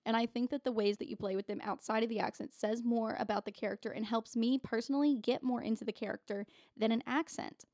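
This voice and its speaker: A woman's voice: on the high side, steady tone, quick pace, few pauses, darkish tone, no room sound, clean studio sound. A woman co-hosting a podcast in casual chat, swearing freely and laughing easily. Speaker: podcast co-host.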